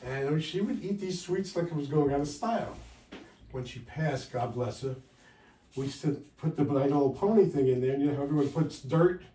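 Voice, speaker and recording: A man in his sixties doing a stand-up comedy set with wry, punchy delivery, jumping louder for quoted lines. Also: fairly high pitch, moderate pace. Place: comedy club stage. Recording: roomy live sound from a distance.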